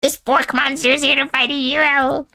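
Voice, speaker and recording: A cocky spork monster from a video game , played by a woman. His voice is high and bright, and he delivers his threats in rhyme like a cartoon gangster. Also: flat delivery, normal speed. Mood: threatening. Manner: tough-guy threats in rhyme. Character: menacing male spork monster, rhyming and boastful.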